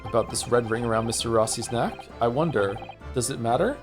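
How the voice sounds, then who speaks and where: A man voicing a stern elderly judge, speaking slowly and gravely in a low voice. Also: over music, natural voice.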